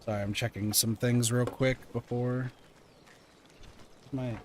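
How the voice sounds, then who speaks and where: A man's voice: mid-range voice, fairly even intonation, slow, a little mellow, slight background noise. A man streaming a game, chatting to himself and talking to the creatures he catches. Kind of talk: casual gaming livestream.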